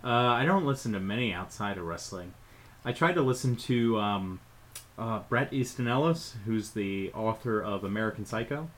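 Low-voiced, laid-back podcast co-host man. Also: expressive, normal speed, fairly bright tone, rough recording. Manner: laid-back, rambling, playful. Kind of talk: casual chat.

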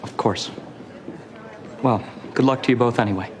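An actor playing a polite, oddly eager minister in a TV drama, who asks mild, probing questions. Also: male voice, medium pitch, normal speed, background noise, natural voice. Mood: polite curiosity.

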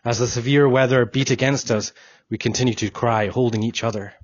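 A man narrating an audiobook in a solemn, measured first-person reading. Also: mid-range voice, fairly even intonation, a little hiss or hum. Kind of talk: scripted narration. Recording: dull, dry audiobook recording.

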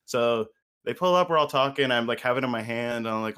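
A man's voice: mid-range voice, fast, fairly bright tone. A man in his twenties co-hosting a podcast, telling loose, profane, self-mocking stories in casual chat. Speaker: podcast co-host.

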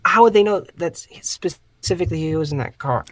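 A man in casual conversation who keeps questioning how the plot could work, skeptical and quick to cut in. His voice sits a bit higher than most men's. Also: a bit bright, dry recording. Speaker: co-host. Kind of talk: casual chat.

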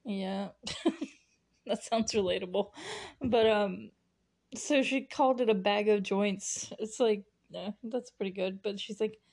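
A woman's voice: medium pitch, fairly even intonation, unhurried, creaky, darkish tone. A young woman hosting a solo podcast, recapping a TV episode in a rambling, giggly way with lots of fillers and restarts. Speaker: podcast host recapping a TV show. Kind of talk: casual solo recap chat.

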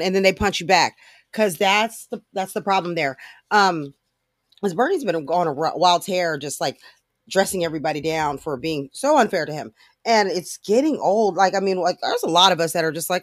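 In a dry, studio-quality recording, a solo podcast host talks fast in a mid-range voice, ranting casually with blunt profanity, frustration, and plenty of fillers.

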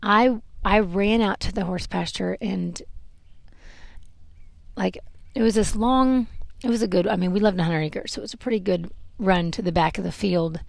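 A woman hosting a podcast, telling a painful personal story in a halting, emotional way with many fillers. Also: mid-range voice, gravelly, dry recording. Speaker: podcast host telling her life story.

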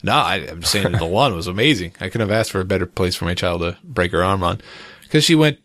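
A man's voice: low voice, expressive, quick pace, a bit bright, dry recording. A man chatting casually as a podcast co-host, telling a rambling story with frequent laughs. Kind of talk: casual chat.

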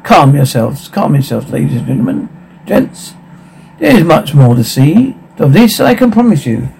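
A man's voice: on the high side, big pitch swings, normal speed, gravelly, darkish tone, slight background noise, rough recording. A man reading a showy circus ringmaster.

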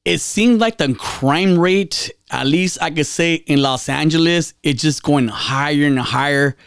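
A man hosts a podcast in loose, rambling chat, tripping over his words, repeating himself and cursing as he tells a story. His voice sits high for a man. The recording is dry, with no room sound. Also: measured pace, gravelly, a bit bright, clean tone, no echo. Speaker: podcast host. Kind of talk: casual chat.

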